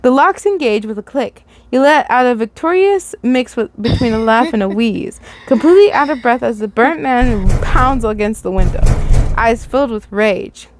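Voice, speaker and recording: A woman's voice: on the high side, expressive, normal speed, a little hiss or hum. A woman reading fan fiction aloud in a casual way, stumbling and restarting words now and then. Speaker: fanfiction reader.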